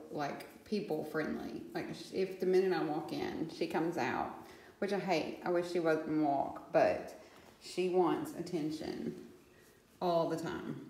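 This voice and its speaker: A woman's voice: deep voice, slow pace, darkish tone, heavy reverb, rough recording. A woman rescuing cats, chatting casually and rambling at home, now and then cooing baby talk to the animals. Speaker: cat rescuer vlogging. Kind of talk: casual chat. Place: room in a house.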